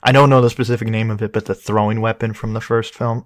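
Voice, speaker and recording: A man co-hosting a casual film review chat, excitable and quick to swear and laugh. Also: on the low side, no room sound, clean studio sound. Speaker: podcast co-host.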